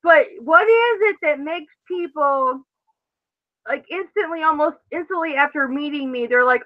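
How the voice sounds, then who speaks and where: A woman's voice: sits high, expressive, moderate pace. A woman hosting a live show, telling stories in a brash, profane, casual way. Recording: dull lo-fi sound.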